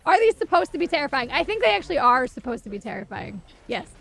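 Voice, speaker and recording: A high-pitched woman streamer chatting casually while she plays, talking from a home setup. Her delivery is sarcastic and profane, and she tells her stories with an animated bounce. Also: fast, vocal fry. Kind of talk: casual storytelling while gaming.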